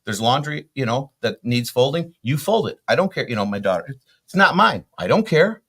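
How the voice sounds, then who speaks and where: Brief: middle-aged man, quick pace, lively pitch, agreeable yet opinionated co-host. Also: slightly rough. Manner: agreeable, quick to say "right", opinionated about parenting. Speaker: talk show co-host. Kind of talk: casual banter.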